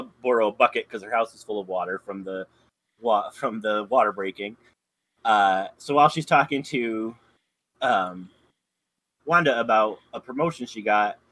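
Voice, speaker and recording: A man's voice: lowish voice, a bit bright, no echo, rough recording. A man in casual chat, rambling through a recap with plenty of fillers and self-corrections. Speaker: podcast co-host.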